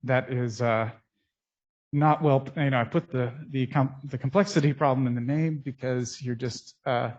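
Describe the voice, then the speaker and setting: Male scientist at a conference mic, mid-pitched, halting and technical, dull muffled sound through a mask. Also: fairly even intonation, a little mellow. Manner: technical, halting with frequent pauses. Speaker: scientist presenting research. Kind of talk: conference lecture. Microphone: speaking into a mic.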